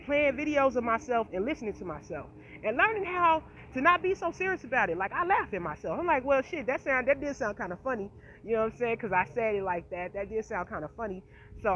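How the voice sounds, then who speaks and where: A woman's voice: mid-range voice, fairly bright tone. A woman vlogging to her viewers in a passionate, profane, emphatic rant, with a slight speech impediment. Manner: passionate, profane, emphatic, repeats "you feel me". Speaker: channel host. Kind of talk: casual direct-to-camera rant. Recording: slightly dull lo-fi audio with faint noise.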